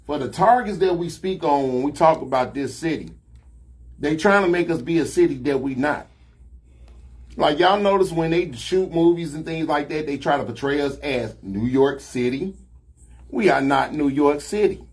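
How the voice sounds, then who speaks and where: Host: husky man with a Chicago accent and Southern slang, emphatic and preachy, voice sits a bit high. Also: moderate pace. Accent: Chicago Black American English with Southern slang. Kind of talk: casual talk show chat.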